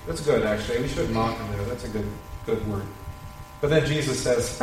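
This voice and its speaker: Man at mid pitch leading a casual Bible study, chuckles often, recorded in a roomy space. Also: lively intonation, a little fast. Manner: conversational, asks rhetorical questions, chuckles often. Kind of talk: informal Bible study teaching. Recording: roomy echo, faint background noise.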